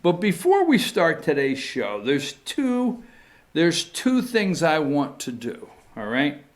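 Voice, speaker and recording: A man's voice: on the high side, huge pitch swings, takes it slowly. A man hosting a talk show, talking casually in a rambling, emphatic way with sudden emotional outbursts.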